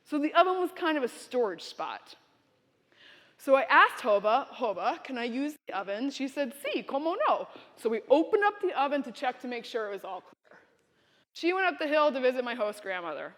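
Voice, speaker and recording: A woman gives a keynote in an animated, dramatic storytelling manner. Her voice sits high, and a long echo from a large conference hall trails her words. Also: brisk. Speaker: keynote speaker. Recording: reverberant hall.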